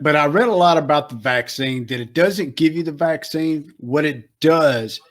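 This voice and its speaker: A man co-hosting a podcast as the veteran, telling stories in casual chat and acting out what people said. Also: mid-range voice. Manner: animated storyteller, acts out quotes.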